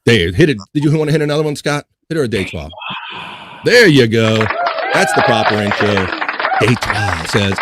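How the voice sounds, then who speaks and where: A man's voice: medium pitch, animated, moderate pace, noisy background. Profane ranting man hosting a livestream. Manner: profane, ranting, laughing while venting. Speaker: livestream podcast host. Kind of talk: casual livestream chat.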